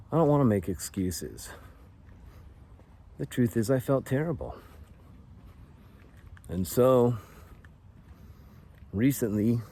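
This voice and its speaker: A man in his forties telling a personal story in a casual, confessional way, earnest and halting, often restarting his sentences. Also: lowish voice, warm tone. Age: 40s. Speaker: vlogger sharing a personal story.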